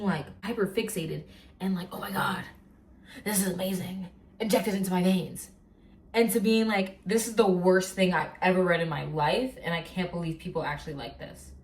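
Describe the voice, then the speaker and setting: Chatty young woman ranting about books. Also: medium pitch. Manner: animated, rambling rant with filler words. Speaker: vlogger. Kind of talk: casual chat.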